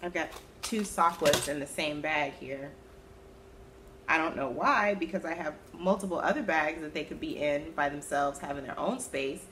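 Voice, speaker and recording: A woman with a fairly low voice chats casually through her knitting podcast, amused at herself and prone to sudden squeaky exclamations. A faint hiss of background noise sits under the recording. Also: moderate pace, fairly bright tone. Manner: chatty and self-amused, with sudden high-pitched exclamations. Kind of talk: casual chat.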